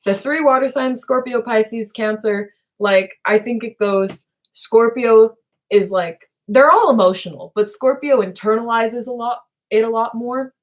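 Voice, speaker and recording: A young woman hosting a casual late-night stream, rambling with many fillers and laughing often as she talks. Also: a little high. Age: young adult. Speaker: live stream host chatting with her sister.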